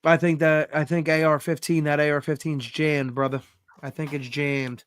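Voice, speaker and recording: Arguing hard and swearing a lot, a man co-hosts a sports podcast over a video call in a heated, casual exchange. His voice sits on the high side with a clear, resonant tone, and he speaks at a moderate pace with flat delivery.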